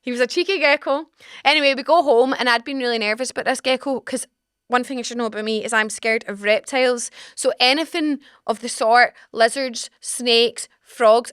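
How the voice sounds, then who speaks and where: A young woman in her twenties with a Scottish accent, hosting a podcast and telling a frank, animated story in casual chat. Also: high-pitched, clear, resonant tone, no echo, clean studio sound. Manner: animated, dramatic, swearing, frank. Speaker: podcast host. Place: small podcast studio. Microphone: studio mic.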